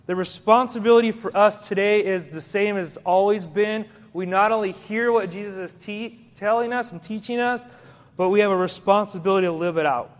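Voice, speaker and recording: A male pastor delivers a sermon in a relaxed, conversational way, often turning to the congregation with questions. His voice sits high for a man. The sound carries the long, ringing reverb of a church hall. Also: a little fast.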